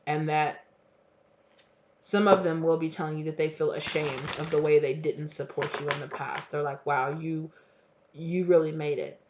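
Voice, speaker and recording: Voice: mid-range voice, level tone, normal speed, dull audio, noisy background. A tarot reader giving a casual, heartfelt reading that rambles along with many fillers and some swearing.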